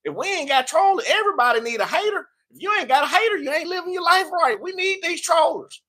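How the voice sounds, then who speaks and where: A man's voice: extremely high pitch, expressive, fast, pushed and bright. A man from Tennessee with a Southern accent, a tarot reader chatting live in a playful, preachy, scolding way. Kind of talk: live tarot reading chat.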